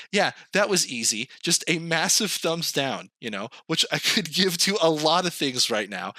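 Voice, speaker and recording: A man's voice: fairly high pitch, bright, forceful tone, no echo. A man co-hosting a casual podcast, ranting comically, acting out quoted voices and laughing mid-sentence. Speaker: podcast co-host. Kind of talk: casual comedic rant.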